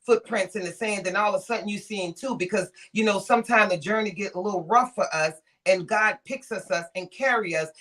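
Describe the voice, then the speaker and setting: A woman guest giving preaching-style spiritual encouragement, emphatic and repetitive, moving between hushed and loud delivery. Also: mid-range voice.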